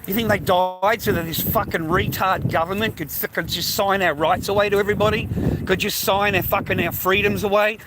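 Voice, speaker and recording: A man's voice: high-pitched, fairly even intonation, a little fast, noisy background. Profane older Australian man ranting. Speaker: vlogger. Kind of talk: rambling casual monologue to camera.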